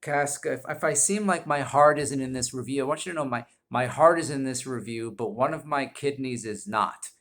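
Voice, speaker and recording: A man giving a comedic whisky review at home, rambling and deadpan, halting often with fillers. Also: medium pitch. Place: indoors at home.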